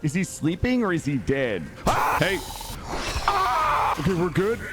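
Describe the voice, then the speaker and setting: A man's voice: fairly high pitch, a little fast, loud music behind the voice. A man streaming a shooter game, joking with other players and yelping and screaming when attacked. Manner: excitable, yelps and screams, joking banter. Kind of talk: gaming stream commentary.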